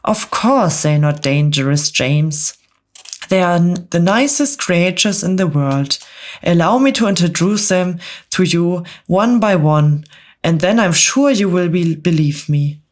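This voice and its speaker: A woman softly voicing a friendly young boy in a whispered role-play bedtime story. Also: on the low side, animated. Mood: earnest. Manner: soft, slow, gentle. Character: boy hero, friendly and eager.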